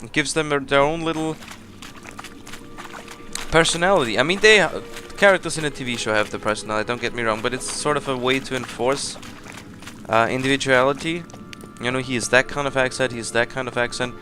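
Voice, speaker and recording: A man's voice: medium pitch, a little fast, bright, forceful tone, faint music behind. A man giving casual let's play commentary as he plays, chatty and rambling, often laughing at himself. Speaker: gameplay commentator.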